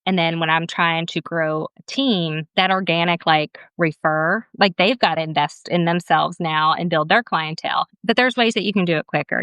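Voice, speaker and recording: Chatty woman, smooth low voice. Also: no echo, lo-fi sound. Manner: chatty, laughs often, quotes others in lively asides; calls herself camera shy. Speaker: esthetician and business owner, guest. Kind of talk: casual interview storytelling.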